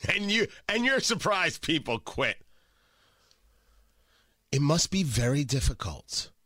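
A man hosting opinionated political talk radio, sarcastic and animated, often repeating and restarting his words, a little stuffy from a cold. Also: mid-range voice, no echo, clean studio sound. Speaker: radio talk show host.

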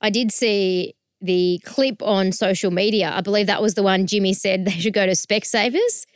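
A woman's voice: mid-range voice, fairly even intonation, moderate pace, smooth, dry recording, clean studio sound. A woman hosting a casual sports chat, upbeat and steering the talk with questions. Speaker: show host.

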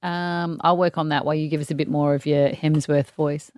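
A woman's voice: low voice, steady tone, fairly quick, darkish tone, dry recording, clean studio sound. A woman co-hosting a podcast, presenting a list in chatty, amused banter. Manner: chatty, amused, often laughing. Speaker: podcast co-host.

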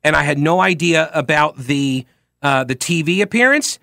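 A man hosting a call-in talk radio show, talking in an animated, emphatic way with frequent restarts. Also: fairly high pitch, normal speed, vocal fry, dry recording, clean studio sound. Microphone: studio microphone.

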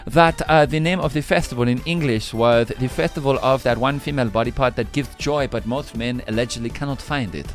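A man runs a rapid quiz segment with a playful, teasing delivery, laughing as he goes. His voice sits at a middle pitch, with quiet music playing in the background. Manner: animated, teasing, laughs often. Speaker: radio show host.

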